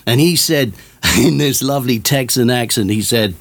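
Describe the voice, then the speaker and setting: A man's voice: medium pitch, normal speed, dry recording. An older man presenting a radio show in a rambling, chatty way full of fillers.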